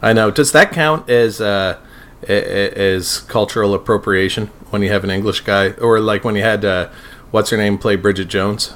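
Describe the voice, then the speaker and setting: A man's voice: lowish voice, moderate pace, a bit bright. A man co-hosting a podcast in casual chat, rambling, swearing and laughing often. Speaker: podcast co-host.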